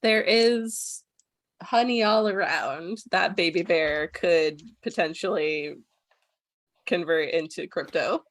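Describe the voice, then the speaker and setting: A woman's voice: on the low side, slow, fairly bright tone, dry recording. A woman narrating as game master of a tabletop game, giggly and rambling, with many fillers.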